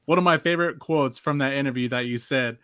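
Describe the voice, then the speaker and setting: Enthusiastic podcast host, dry sound. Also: male voice, medium pitch, fast, pushed and bright, clean tone, no echo. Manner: enthusiastic, laughs along. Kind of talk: podcast interview questions.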